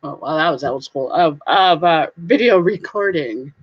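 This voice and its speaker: A woman's voice: sits low, expressive, a little slow, breathy edge. A middle-aged woman with a Southern US accent hosting a casual live stream, reading comments in a goofy, giggly, playful way. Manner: goofy, giggly, playful sing-song voices. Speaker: live stream host, reseller. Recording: slightly dull lo-fi stream audio.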